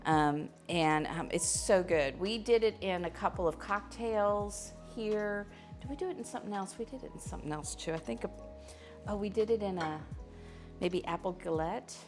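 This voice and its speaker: A middle-aged Missouri woman hosts a live cooking stream from her home kitchen, chatting casually and rambling with plenty of fillers. She speaks at a medium pitch and normal speed, with faint music in the background.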